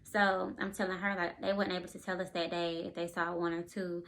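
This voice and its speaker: A woman telling a personal story in a casual vlog. She is out of breath, animated, and keeps acting out the conversations she is retelling. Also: on the low side, brisk, vocal fry, a little hiss or hum. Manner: breathless and animated, often retelling scenes in quotes. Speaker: vlogger and expecting mother.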